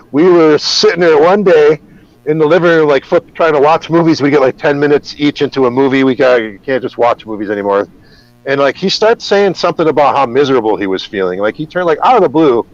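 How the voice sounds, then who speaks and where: A podcast host tells a personal story in loose, rambling talk, restarting often and swearing freely. His voice is medium-pitched and dry, and the podcast audio sounds dull and lo-fi.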